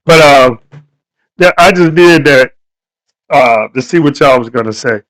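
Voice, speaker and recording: A man's voice: mid-range voice, unhurried, long pauses, fairly bright tone, low-quality recording. A man hosting a casual live stream, talking to his viewers in a loose, repetitive, preachy way.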